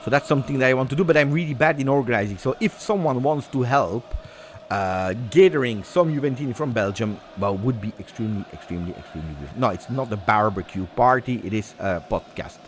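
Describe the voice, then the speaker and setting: A man hosting a live football watch-along, chatting with viewers and reacting to the match, whose voice swings from low asides to loud cheering. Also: fast talker, a little hiss or hum. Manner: excitable, switches from low asides to shouting celebration.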